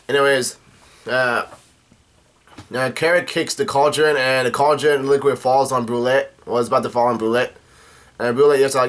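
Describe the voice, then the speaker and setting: A man's voice: medium pitch, fairly even intonation, moderate pace, fairly bright tone. A man casually recapping a manga chapter, with many "uh" fillers and restarts. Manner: rambling, full of "uh" fillers and restarts. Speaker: manga reaction host.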